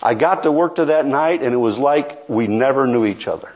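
A man's voice: medium pitch, animated, brisk, darkish tone. A middle-aged man preaching a sermon, telling a story with earnest, pleading intensity.

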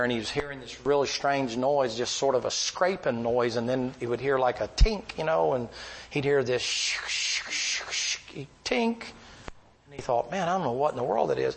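Folksy preacher man spinning rambling stories in a sermon, gravelly husky voice. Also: mid-range voice, low-quality recording. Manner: folksy, rambling anecdotes with plain country talk. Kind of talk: storytelling sermon.

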